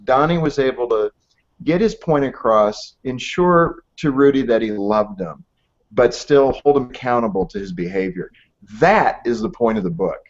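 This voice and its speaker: Middle-aged male author, mid-pitched, earnest storyteller, dull lo-fi recording. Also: lively intonation. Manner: earnest, storytelling, emphatic with pauses. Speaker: author and ministry head, interview guest. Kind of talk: conversational interview. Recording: dull lo-fi audio.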